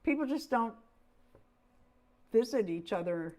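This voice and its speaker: A woman, co-hosting a doll livestream in casual chat, friendly and laughing often, her voice wearing out as she keeps clearing her throat. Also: fairly high pitch, animated, a little slow, warm tone. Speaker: co-host of a doll collecting livestream.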